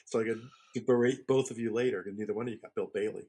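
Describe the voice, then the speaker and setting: Fast-talking husky man. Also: on the low side, steady tone, dark tone. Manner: quick, teasing banter. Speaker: podcast co-host. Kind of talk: casual chat.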